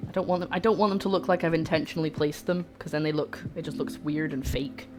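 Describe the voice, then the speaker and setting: A woman's voice: low-pitched, fairly even intonation, quick pace, a little mellow. A woman hosting a cooking livestream from her home kitchen, chatting in a rambling, self-deprecating way. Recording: music playing underneath.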